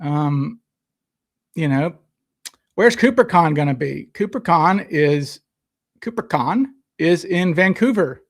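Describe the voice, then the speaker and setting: Talking slowly with long pauses, a livestreamer with a fairly high, animated voice rambles through casual chat. He reads out comments from viewers and responds into a desk mic, occasionally too close to it.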